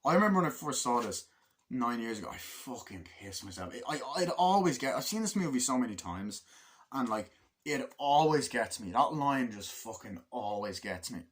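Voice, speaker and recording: A man's voice: medium pitch, sing-song, normal speed, slight background noise. Man gushing, swearing movie reviewer. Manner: profanity-laden, gushing, rambling. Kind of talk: casual enthusiastic scene retelling.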